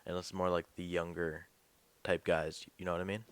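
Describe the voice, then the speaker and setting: A young man talks in a loose, rambling podcast chat, dropping the odd swear word. His voice sits very low. The sound is dry and close. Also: little pitch movement, normal speed, clear, resonant tone, no echo. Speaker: podcast host.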